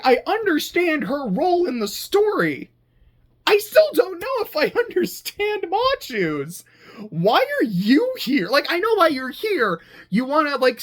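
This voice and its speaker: Animated, profane anime reviewer. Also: mid-range voice. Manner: animated, swearing, stammering restarts, laughing asides. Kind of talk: casual chat.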